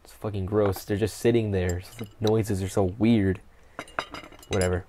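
A man's voice: fairly low pitch, fairly even intonation, normal speed, dark tone, slight background noise. A man at home giving casual, offhand let's-play commentary, swearing freely. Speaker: game player.

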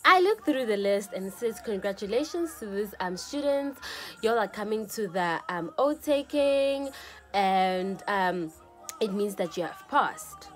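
A young woman vlogger from South Africa telling a personal story to her viewers, animated and chatty, often saying "yo" and "guys". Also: mid-range voice, a little slow, faint music behind. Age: young adult. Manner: animated, frequent "yo" and "guys" fillers. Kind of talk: casual storytime.

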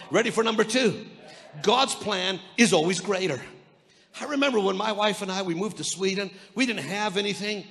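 A man's voice: high voice, moderate pace, a bit bright, long reverb tail. A Canadian man preaching a sermon with energy, telling stories and quoting others, often restarting his words. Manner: storytelling, quoting voices of others. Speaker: pastor. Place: large church hall.

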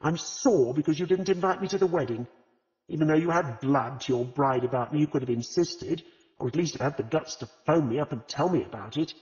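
A man's voice: fairly high pitch, a little fast, darkish tone, lightly acted. A man reading the lines of a brash, prickly middle-aged woman sleuth in an audiobook, talking sharply and indignantly. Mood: angry. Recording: reverberant, slightly dull audiobook recording.

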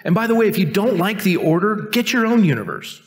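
Joking pastor in a reverberant church hall. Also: male voice, big pitch swings, a little fast. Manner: joking, self-mocking asides between earnest teaching; drops to a quiet, low, intense tone for stern points. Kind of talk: sermon. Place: church sanctuary.

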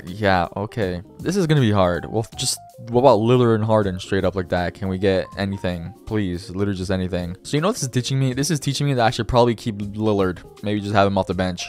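A man's voice: fairly low pitch, brisk, few pauses, darkish tone. A young man giving casual, chatty gameplay commentary, talking to the game and his viewers with self-mocking remarks. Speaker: gaming YouTuber. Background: faint background music.

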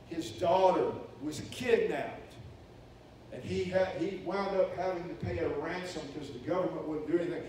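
An animated preacher, a man telling a story to his congregation and throwing himself into each quoted voice. His voice sits a little high for a man. It rings around a big echoey hall, picked up from a distance with a faint hiss. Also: normal speed.

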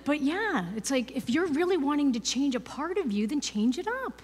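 A woman's voice: high-pitched, animated, normal speed, a little mellow, a little hiss or hum. A woman giving a conversational, playful spiritual talk as a guest speaker, asking the audience rhetorical questions. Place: church hall. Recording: reverberant hall.

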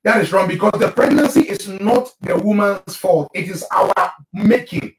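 Male pastor-host, very high voice, emphatic teaching style, roomy distant sound. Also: wildly swooping pitch, moderate pace, very noisy. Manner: emphatic, preachy, addresses listeners directly. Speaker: pastor and marriage show host. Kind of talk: live broadcast marriage teaching.

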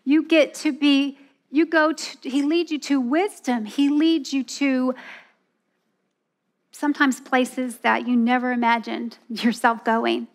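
A woman's voice: high-pitched, fairly even intonation, takes it slowly. A woman giving a sermon at a women's church event, earnest and telling a personal story. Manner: earnest, storytelling, acts out voices with laughs.

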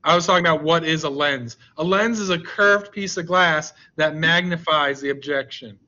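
Brief: upbeat male science teacher, high bright voice, teases students on a video call, lo-fi sound. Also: normal speed. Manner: joking, teasing, coaxing students. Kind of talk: online class with a slide deck.

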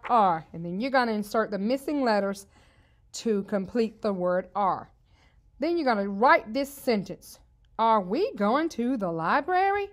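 A woman teaching an early reading lesson to young children, spelling out words letter by letter in an upbeat, encouraging way. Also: a little high. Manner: slow, clear spelling out of letters.

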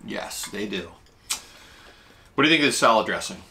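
A man with a bright, forward tone hosts a casual food vlog. He chats between bites, explaining the dishes in a relaxed, talkative way. His pitch leaps up and down as he reacts to the flavors. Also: normal speed, a little hiss or hum. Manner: chatty, explains Japanese food terms while tasting; eats while talking, with lively jumps in pitch. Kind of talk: casual food-tasting chat.

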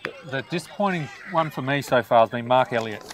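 A man's voice: mid-range voice, fast talker. A man co-commentating a live football match outdoors, full of jokes and nicknames. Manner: jokey banter, playful nicknames.

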